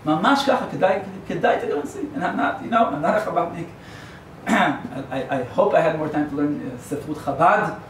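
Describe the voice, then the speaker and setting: In a yeshiva lecture hall, a male rabbi with a voice on the high side gives a sermon at a moderate pace, wandering into tangents, jokes and anecdotes. The hall echoes, he's distant from the microphone, and a faint hum runs through the recording.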